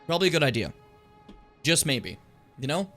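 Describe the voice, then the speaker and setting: A young man streams games from home in a fairly high, sharp, very animated voice at a moderate pace, with faint music behind him. He rambles casually, mocks himself, swears often and uses lots of fillers.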